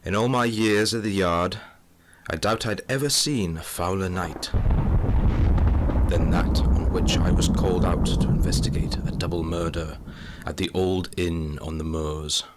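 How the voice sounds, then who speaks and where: The recording is very noisy as a man with a low, steady voice narrates at a measured pace. He voices a wry, hard-boiled, middle-aged Scotland Yard police inspector, dry and melodramatic, in a comic mystery audio drama.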